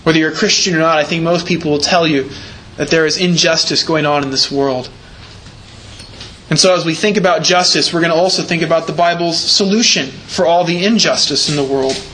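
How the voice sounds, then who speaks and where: A man's voice: on the high side, fairly quick, a bit bright, slight background noise, low-quality recording. A man preaching a sermon in a church, explaining scripture carefully and leaning hard on repeated words for emphasis. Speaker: pastor.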